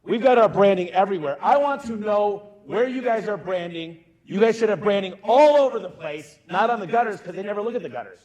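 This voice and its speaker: Energetic businessman on stage, mid-life, higher-pitched and forceful in delivery. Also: fairly quick, few pauses, poor audio. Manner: punchy, emphatic, talks straight to the crowd. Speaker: keynote speaker. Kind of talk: energetic conference keynote. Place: conference stage.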